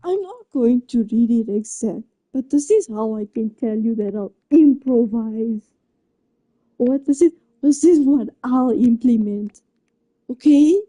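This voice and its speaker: Flustered young woman, soft and breathy. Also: a little high, expressive, measured pace, no echo. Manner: flustered, embarrassed rambling with frequent restarts. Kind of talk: casual chat.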